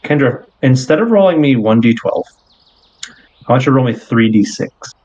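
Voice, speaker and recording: A man's voice: medium pitch, normal speed. A man runs a tabletop game, narrating the scene in a loose, easygoing way. His voice sits in a middle register and comes through a dull, lo-fi recording. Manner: relaxed storytelling with fillers. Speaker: game master.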